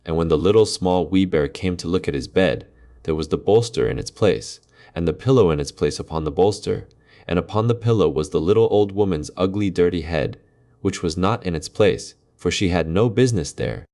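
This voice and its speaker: A man reading a classic fairy tale aloud in a slow, measured way. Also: low-pitched, dark tone. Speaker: storyteller.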